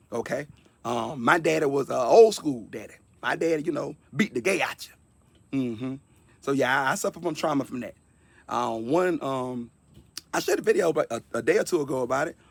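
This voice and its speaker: 50s guy telling his testimony, raspy gravelly voice, earnest and talky, repeats himself for emphasis. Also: mid-range voice, no echo. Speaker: speaker sharing a personal testimony. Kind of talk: personal testimony monologue.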